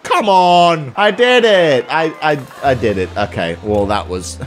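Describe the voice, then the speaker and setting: A young man giving loud, swearing let's-play commentary, breaking into excited shouts. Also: fairly high pitch, measured pace. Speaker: gaming YouTuber. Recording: game music behind the voice.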